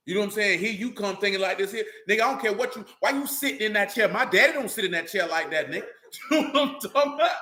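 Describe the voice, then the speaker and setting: With a high, animated voice, a quick pace, and a sharp tone, this man chats in an unscripted, casual way. Speaking for a religious group, he's blunt and profane, often tossing in "you know what I'm saying." There's a roomy echo on the recording.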